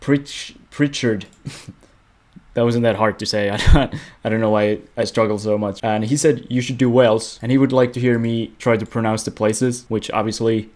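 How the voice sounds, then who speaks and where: A man's voice: on the low side, level tone, moderate pace, a little mellow. A young man hosting a casual gaming news roundup, joking and poking fun at himself as he talks into a webcam. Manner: playful, jokey, self-mocking. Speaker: host of a game news show. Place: away from home.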